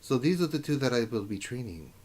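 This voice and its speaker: A smug dark elf swordsman speaks quietly and formally, with his voice held low and hushed, played by a man at his table. His polished manner comes across as courtly and aloof. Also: big pitch swings, brisk. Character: haughty dark elf male trainer.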